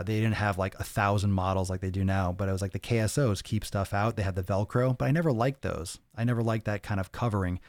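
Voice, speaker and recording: A man's voice: fairly low pitch, no echo, clean studio sound. A man in his thirties hosting a casual live-stream Q&A, answering chat comments in a blunt, profane, joking way. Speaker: podcast host answering viewer questions.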